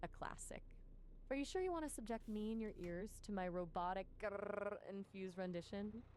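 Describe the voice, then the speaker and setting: A woman's voice: mid-range voice, moderate pace, darkish tone. A synthetic woman's voice playing an AI companion, chatting in a playful, witty manner. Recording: noisy background.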